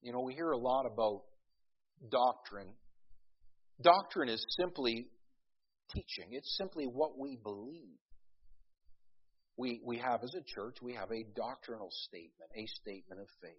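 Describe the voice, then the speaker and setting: A middle-aged pastor preaching a sermon in a folksy, storytelling way, with many restarts and emphatic peaks. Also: male voice, mid-range voice, unhurried, long pauses, slightly rough. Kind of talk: sermon with a humorous opening story. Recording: dull lo-fi recording.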